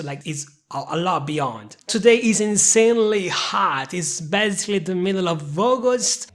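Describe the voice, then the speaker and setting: A man's voice: a little high, a bit bright. Playful, emphatic male English teacher. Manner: playful, emphatic, laughs often, leans hard on stressed words. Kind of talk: animated video lesson.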